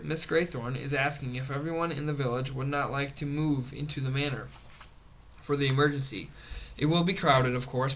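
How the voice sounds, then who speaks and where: A man's voice: medium pitch, fairly bright tone, close to an everyday voice. A man reading aloud voices a tall, white-haired old butler who speaks formally and soothingly.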